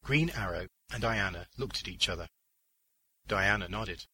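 A man reading a short story aloud as narrator, with an expressive storytelling delivery. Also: on the low side, normal speed, husky, poor audio. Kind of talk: scripted audiobook narration.

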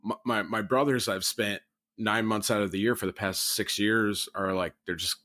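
A man's voice: lowish voice, steady tone, normal speed, bright, forceful tone, no echo, studio quality. A man who used to tour, talking reflectively in a casual podcast chat, often restarting his sentences. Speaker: podcast co-host or guest, former touring musician.

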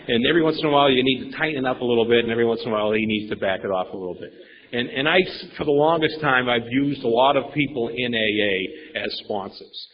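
A man's voice: mid-range voice, fast, long reverb tail. Rambling man sharing at a meeting. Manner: rambling, emphatic, repeats words, swears casually. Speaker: speaker at a recovery meeting. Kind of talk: personal recovery share. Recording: dull lo-fi recording.

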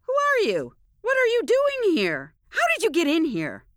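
A woman playing a fussy, anxious sitcom wife in a deadpan comedy parody, repeating herself insistently. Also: very high voice, normal speed, no room sound, clean studio sound, full character voice. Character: anxious, bossy middle-aged sitcom wife.

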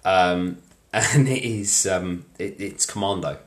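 Young guy, low-pitched, hesitant film talk with lots of ums, recorded in a roomy space. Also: takes it slowly. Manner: hesitant, many fillers and restarts. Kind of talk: casual chat about films. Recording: echoey room.

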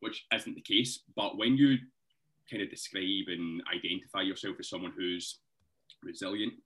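A man's voice: deep voice, moderate pace, fairly bright tone. A Scottish man, a personal trainer guest on a podcast, talking earnestly and thoughtfully with frequent laughs. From Scotland. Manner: earnest and reflective, laughs often, says mate. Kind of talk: interview conversation.

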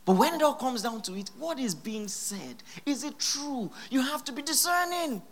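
A pastor preaching a sermon in church, emphatic and repeating key phrases, with sudden loud exclamations. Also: high-pitched, lively intonation, normal speed, crowd noise.

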